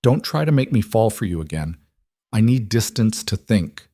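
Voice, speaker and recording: A man's voice: lowish voice, sing-song, moderate pace, warm tone, dry recording, clean studio sound. A man voicing a frightened but defiant young woman, speaking tensely.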